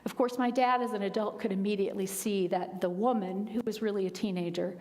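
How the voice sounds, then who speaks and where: A woman minister giving a sermon, telling stories in a conversational way with quiet, emphatic asides. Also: mid-range voice, steady tone, fairly quick, big-room sound. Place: church sanctuary.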